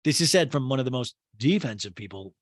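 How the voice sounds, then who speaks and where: A chatty, sarcastic man recapping a show with quick asides. His pitch bounces around a lot, and the recording is close and dry with no room sound. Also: animated, dry recording. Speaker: podcast host. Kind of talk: comic recap of a reality show.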